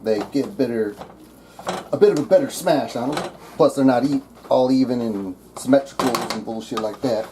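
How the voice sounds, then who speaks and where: A man's voice: mid-range voice, moderate pace, background noise. A man with a Southern US accent showing how to cook at home, crude and joking, swearing casually as he goes. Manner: crude, profane, joking asides. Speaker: cooking vlogger. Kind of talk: casual cooking demonstration. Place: home kitchen. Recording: kitchen clatter of pots and cutlery. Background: clinking dishes and utensils.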